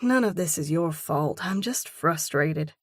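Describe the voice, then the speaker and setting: A woman voicing the heroine of a romantic audiobook, a spirited young woman who answers in clipped, sharp retorts. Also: sits low, expressive, measured pace, dry recording, clean studio sound. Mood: defensive.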